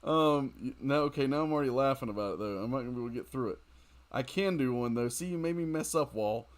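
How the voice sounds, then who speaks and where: Late at night, a tired young man streams a game and chats casually, rambling, giggling and reacting loudly to what happens. His voice is mid-range and his pace quick.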